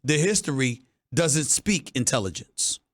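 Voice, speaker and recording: Emphatic, bright-voiced male sports host. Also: mid-range voice, animated, measured pace. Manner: emphatic, punchy, opinionated. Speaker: sports talk show host. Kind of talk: sports radio commentary.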